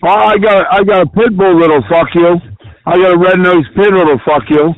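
A man on a phone line, loud and gruff, shouting for his dog. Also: high voice, steady tone, moderate pace, no echo. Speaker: caller.

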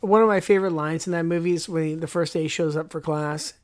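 A woman co-hosts a casual radio show, chatty and joking as she tells short stories. Her voice sits fairly low for a woman. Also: quick pace, a little mellow. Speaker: radio co-host.

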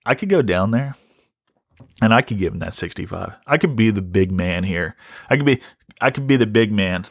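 A man's voice: on the low side, animated, moderate pace, creaky, no room sound, clean studio sound. A man hosting a podcast who tells a story as an exasperated, wry rant and often repeats himself. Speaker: podcast host.

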